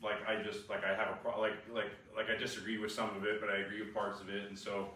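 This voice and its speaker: A man sharing a personal testimony, animated and restless, full of fillers and restarts. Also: lowish voice, fast talker. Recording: echoey room, far from the mic, faint noise.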